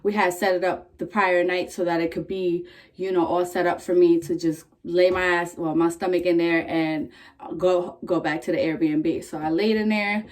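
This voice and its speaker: A young woman vlogs a story casually, candidly, and animatedly, swearing and packing it with "like" fillers. She speaks at a normal speed in a lowish voice.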